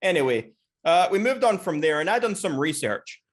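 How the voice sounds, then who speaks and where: A man's voice: high-pitched, big pitch swings, moderate pace, slightly rough. A man talking as a guest on a podcast, smug and pedantic, correcting the host as he argues. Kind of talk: argumentative podcast chat.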